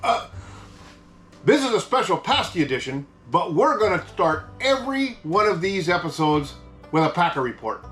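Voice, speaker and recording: A man with a broad Yooper accent from Michigan's Upper Peninsula hams it up as the host of a homemade comedy food review. His voice sits a touch high, with a folksy, joking delivery, and soft guitar music plays underneath. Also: very animated, moderate pace. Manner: folksy, hammy, jokey. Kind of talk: mock food-review show hosting.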